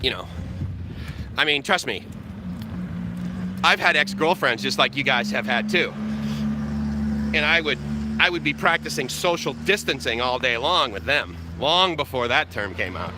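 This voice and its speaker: A man's voice: medium pitch, lively intonation, unhurried, long pauses, noisy background. A man hosting a live walk-and-talk vlog by the sea, rambling and joking with viewers, recorded on a camera held out on a stick. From USA. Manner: rambling, joking, chuckling often. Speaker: vlogger, live-stream host. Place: outdoor seaside walkway. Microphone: camera on a selfie stick.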